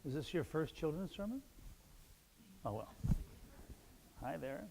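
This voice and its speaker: In a church sanctuary, a pastor gives a children's sermon, chatting playfully with the kids and joking as he tells a story. His voice is on the high side, sing-song and a little slow, creaky with a darkish tone, and there is slight background noise.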